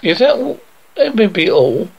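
A clumsy robot butler with a posh, robotic way of speaking, as a man puts it on. It glitches through its duties in a stiff, formal manner, with a gravelly texture underneath. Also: high-pitched, very animated, a little slow, muffled recording, background noise, voice pushed up, full character voice.

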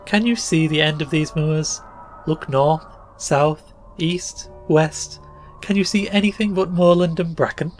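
A man voicing a mysterious young noblewoman falconer, speaking softly and wistfully in a raised voice in a storybook reading. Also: fairly high pitch, unhurried, faint music behind, pitched above the performer's own voice, natural voice. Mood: gentle, eerie.

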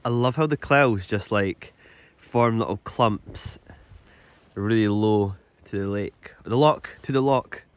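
A young man with a Scottish accent talks in a chatty, easygoing way, rambling from one thought to the next. His voice sits a little low. It sounds like a casual vlog recorded outdoors on a camping trip by a loch. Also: takes it slowly, clear, resonant tone, dry recording. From Scotland. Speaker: vlogger.

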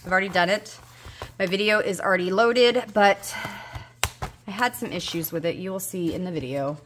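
A woman's voice: medium pitch, normal speed, slight background noise. A woman, a budgeting vlogger chatting casually to viewers, coaxing and scolding her dice, a little unwell and tired. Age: 30s. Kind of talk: casual chat to viewers while rolling dice.

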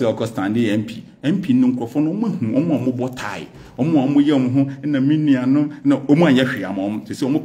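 A man's voice: mid-range voice, a little mellow. A man with a Ghanaian accent in a loose, unscripted TV interview. His delivery is emphatic and defiant. He slips back and forth between English and Twi while making his points. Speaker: political guest.

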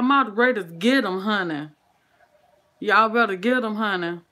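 Bright-voiced Southern woman chatting with viewers. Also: mid-range voice, normal speed. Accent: Southern American. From Southern United States. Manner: folksy, sprinkles "honey" and "child", greets viewers by name. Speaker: cooking livestream host. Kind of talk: casual livestream chat with viewers.

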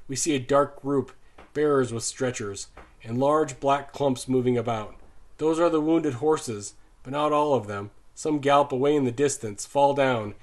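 A man reading a novel aloud as an audiobook narrator, measured and sinking low and soft in grim passages.

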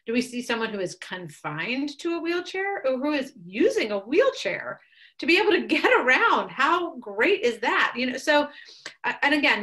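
A woman's voice: medium pitch, sharp tone. A woman in her thirties giving a thoughtful, earnest webcast talk, with frequent fillers and restarts. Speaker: guest speaker.

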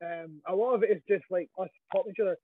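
A Scottish man with a high, husky voice tells stories in a lively, sweary way. He comes through a thin, phone-like line with a very dry sound. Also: racing, dry recording. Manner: animated, swears freely, quotes others. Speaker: wrestling guest. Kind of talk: casual storytelling interview.

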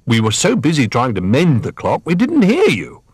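A man's voice: mid-range voice, wildly swooping pitch, normal speed, slightly rough, no echo, voice pushed up. A man voicing an earnest, apologetic toy elephant in a storybook reading.

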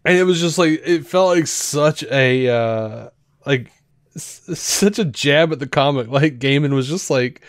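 A male podcast co-host rambles animatedly through a show review in casual chat, full of fillers and restarts. His medium-pitched voice moves a little slowly, and the clean studio recording is dry.

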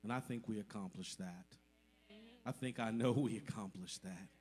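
A man's voice: lowish voice, moderate pace, darkish tone, faint music behind. A man giving an emotional, grateful testimony to his church congregation during a service. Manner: emotional, grateful, speaks from the heart. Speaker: church member addressing the congregation.

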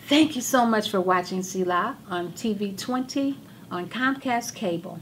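A hoarse woman in a mid-range voice hosts a gospel television show. She preaches with fervent, repeated emphasis. A faint hum of background noise sits under her voice. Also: mid-range voice, expressive, normal speed. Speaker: TV show host. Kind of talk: religious talk show monologue.

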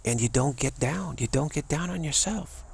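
A man's voice: on the high side, animated, moderate pace. A man giving a rambling, casual spoken talk as a teacher, stammering and restarting often. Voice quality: gravelly, raspy voice. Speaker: spiritual teacher.

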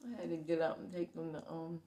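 A tired, sleepy woman hosting a casual eating show, talking slowly between bites. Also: deep voice, steady tone, warm tone, roomy sound. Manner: drowsy, unhurried, talks between bites. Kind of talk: casual mukbang chat.

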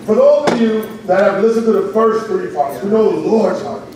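A man's voice: high-pitched, animated, moderate pace, background noise. A man preaching a sermon to his church, telling a story and acting out the cheering crowds in it, then putting questions to the congregation. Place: church sanctuary. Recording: echoey church, voice from far off.

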